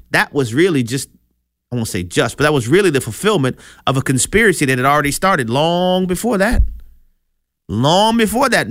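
A man preaching a sermon, in a conversational style with animated asides. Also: a little high, no room sound, studio quality.

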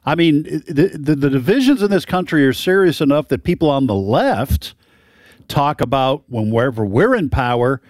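A man hosting a casual panel discussion, talking in a halting way with frequent restarts. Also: fairly high pitch, animated, darkish tone, no echo, clean studio sound. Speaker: talk show host.

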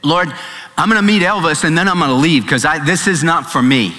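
A preacher voicing a hesitant man arguing with God, halting and pleading. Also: a little high, pushed and bright. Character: anxious middle-aged man pleading with God. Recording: long hall reverb, faint music.

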